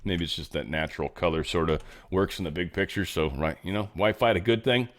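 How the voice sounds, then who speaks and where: A man's voice: deep voice, fairly quick, a bit bright. A man hosting a show, reading news headlines and adding sarcastic, mocking commentary in a loose, casual way. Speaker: show host.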